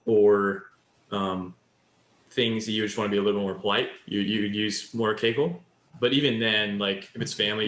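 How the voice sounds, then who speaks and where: A podcast co-host with a lowish, fairly bright voice explains Japanese in casual conversation, piling up one example after another. The recording is reverberant with a little hiss or hum.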